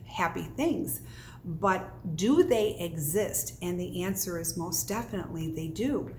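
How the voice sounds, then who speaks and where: A woman's voice: fairly low pitch, a little hiss or hum. A middle-aged woman, a psychic medium, talking casually to the camera in an earnest storytelling manner, asking questions and answering them herself.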